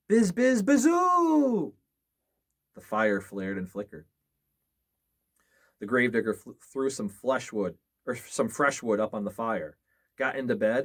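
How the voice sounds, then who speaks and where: A man reading scary stories aloud, expressively and with small slips. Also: mid-range voice. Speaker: storyteller.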